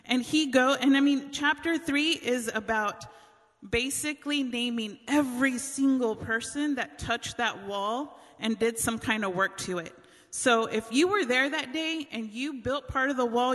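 A woman's voice: on the high side, a little slow, a bit bright, in a large hall. A woman giving a casual sermon, retelling Bible stories in chatty everyday language. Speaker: speaker giving a Bible teaching.

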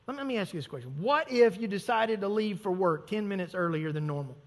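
Male pastor, high voice, casual sermon full of acted asides, big reverberant room. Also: expressive, fast talker. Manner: conversational, self-mocking preaching with acted asides. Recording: long hall reverb.

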